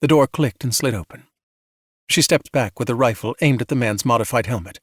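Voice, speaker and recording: Calm male bedtime story narrator. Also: mid-range voice, brisk, no echo, clean studio sound. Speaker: audiobook narrator.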